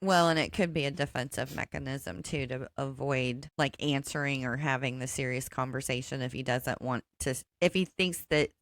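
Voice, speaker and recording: A woman co-hosting a podcast, giving measured, thoughtful takes in casual chat. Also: very deep voice, no room sound, studio quality. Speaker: podcast co-host.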